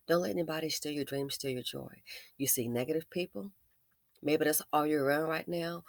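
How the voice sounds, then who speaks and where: Woman vlogger, lower voice, emphatic and preachy, dry close sound. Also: brisk, dry recording. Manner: emphatic, preachy, talks straight to viewers. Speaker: vlogger, business owner. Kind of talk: commentary vlog, advice to viewers.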